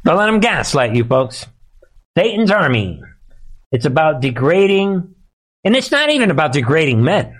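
A man's voice: fairly high pitch, sing-song, moderate pace. Sarcastic, fired-up male commentator. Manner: sarcastic, laughing, heated. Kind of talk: live political commentary.

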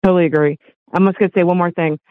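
A woman's voice: lowish voice, steady tone, very fast. An older woman from Los Angeles, calling in to a talk show, earnest and emotional as she gushes her thanks. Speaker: caller. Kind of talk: call-in radio chat. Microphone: phone. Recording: tinny phone line, dry.

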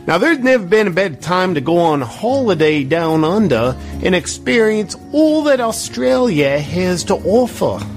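A man voicing a cheery male Australian tourism pitchman in an exaggerated put-on Aussie twang. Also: big pitch swings, a little slow, few pauses, soft background music, heavily acted. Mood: chirpy. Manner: chirpy salesman patter.

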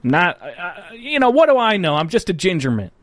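A man in his own voice, hosting a political livestream with a fairly high, very lively pitch that rises and dips all the time. His talk is blunt and profane, and it rambles into frequent self-corrections. The sound is dry and close. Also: fairly quick, no echo. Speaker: political commentary livestream host. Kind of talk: casual commentary reading viewer chat.

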